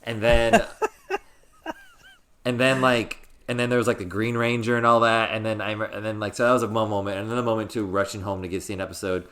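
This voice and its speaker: A man in his thirties co-hosts a casual podcast, rambling and restarting as he tells stories. His voice sits low yet sounds bright and forceful, and he breaks into loud, excited quoted lines. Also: a little fast. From Southern California. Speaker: podcast co-host.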